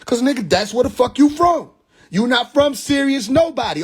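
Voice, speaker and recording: 一位声音偏高的年轻男子，带美国南方亚特兰大口音，对着手机直播，语气说教又带嘲讽，不停抛出反问。. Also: male voice, very high-pitched, animated, fairly quick, a little mellow, husky. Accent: Southern US (Atlanta). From Atlanta, USA. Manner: preachy and mocking, fires rhetorical questions, profane slang. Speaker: livestream host. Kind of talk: rambling live-stream monologue. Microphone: phone.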